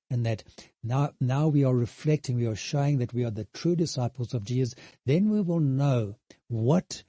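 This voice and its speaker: A man preaching a sermon, earnest and halting, with many restarts and emphatic repetition. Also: medium pitch, mellow, no echo, highs cut off. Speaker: pastor.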